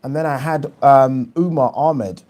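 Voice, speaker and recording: A man with a warm, mellow, mid-pitched voice hosts a boxing live stream, chatting casually and reading questions from viewers. He's talkative and full of opinions, frequently stalling on an "um" or repeating a word before landing his point.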